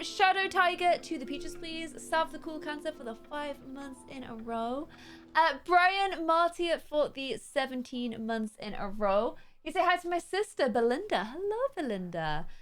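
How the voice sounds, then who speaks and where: A young woman streamer giving animated, chatty let's play commentary. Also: sits high. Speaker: gaming streamer. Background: faint game music.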